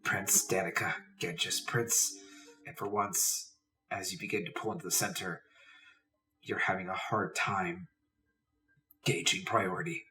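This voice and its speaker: A man runs a tabletop role-playing game, narrating dramatically in the second person. His voice is very deep with a bright, forceful edge. He is recorded from a distant mic with faint hiss behind him. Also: steady tone, measured pace, long pauses. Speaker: game master.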